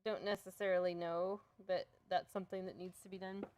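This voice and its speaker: A woman's voice: lowish voice, little pitch movement, a little fast, a little mellow, no echo. Female co-host, chatty, laughs easily, dry close-miked sound. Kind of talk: casual chat during a painting tutorial.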